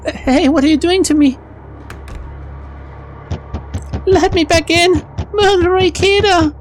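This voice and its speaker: A woman's voice: fairly high pitch, normal speed, creaky, darkish tone, slight background noise, voice pushed up. A woman doing a stuttering bratty girl. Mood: panicked. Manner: stutters constantly, mocking. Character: stuttering bratty teen girl assistant, teasing. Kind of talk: reading game dialogue aloud.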